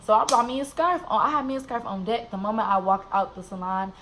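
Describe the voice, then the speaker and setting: A young woman vlogger telling a personal story in a candid, animated, slangy way, with many "like"s. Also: a little high, fast, background noise.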